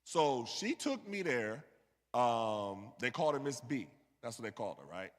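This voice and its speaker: A man from New York, with a mid-range voice and a sing-song delivery at a moderate pace, preaches a conversational sermon around a personal story. He keeps checking in with "you know what I mean." The recording has long hall reverb from the church sanctuary.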